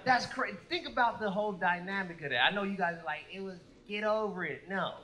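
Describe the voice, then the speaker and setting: A man in his thirties doing a profane, animated stand-up set, acting out voices of people he describes. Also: high-pitched, fairly quick, crowd noise. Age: 30s. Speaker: stand-up comedian. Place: comedy stage before a live audience. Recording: roomy live venue with audience noise.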